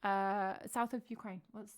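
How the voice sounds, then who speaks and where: A woman's voice: medium pitch, steady tone, a little slow. A woman with an English accent, chatting casually on a live stream, thinking aloud and answering her chat. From England.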